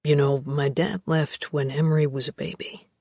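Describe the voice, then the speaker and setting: A man voicing a troubled young man who opens up softly, with a deep, raspy voice in audiobook dialogue. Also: fairly even intonation, moderate pace, no room sound. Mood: quiet, confiding.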